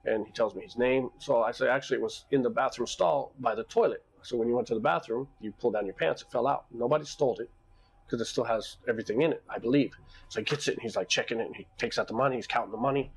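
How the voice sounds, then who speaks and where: His voice is gravelly and slightly rough, mid-range in pitch and quick in pace. In this casual storytelling vlog, the nightclub owner rambles through tales from his job, restarting and wandering into long asides, and becomes animated while reenacting arguments.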